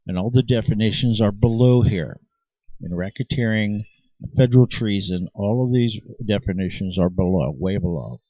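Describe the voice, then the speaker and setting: Speaking at normal speed in a lowish voice, the man, a channel host, delivers an emphatic and insistent monologue to his viewers with frequent restarts. The audio is dry, dull lo-fi with no room sound.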